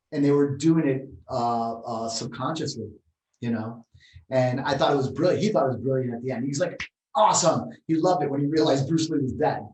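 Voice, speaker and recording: A man co-hosting a martial arts talk show, telling rambling, animated stories in casual chat. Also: medium pitch, distant mic. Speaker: martial arts podcast co-host. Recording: roomy, set back from the mic.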